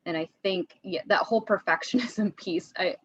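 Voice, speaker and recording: A woman's voice: medium pitch, normal speed, a bit bright, breathy edge, no room sound, lo-fi sound. A woman teacher as a podcast guest, speaking candidly and chattily, with frequent restarts. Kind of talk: conversational podcast interview.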